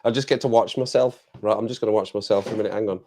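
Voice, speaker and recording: A man's voice: on the low side, steady tone, very fast, dark tone, a little hiss or hum. An English man hosting a casual live stream, chatting to viewers in a rambling way, repeating phrases and laughing often.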